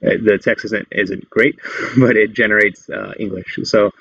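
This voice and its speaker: Tutorial host, male, low and raspy, relaxed meandering delivery, lo-fi audio. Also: measured pace, no echo. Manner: loose, meandering explanation. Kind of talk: casual screen-recorded tutorial. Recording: dull lo-fi dry sound.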